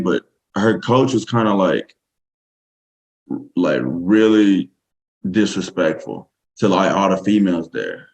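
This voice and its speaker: A man's voice: sits low, poor audio. A man with a Southern US accent, a podcast guest telling a story casually, rambling with many fillers. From Texas, USA.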